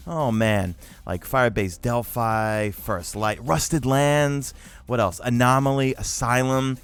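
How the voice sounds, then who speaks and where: Man, New York accent, lively swooping pitch, casual gaming Q&A host, quick filler-heavy talk. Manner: animated, fast-talking with many fillers. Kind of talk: casual Q&A chat.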